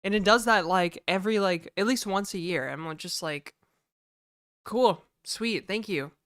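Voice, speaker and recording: Lady streamer venting and swearing, lowish voice, dead dry mic. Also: fairly quick, fairly bright tone, clean tone, no room sound. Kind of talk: casual live stream chat.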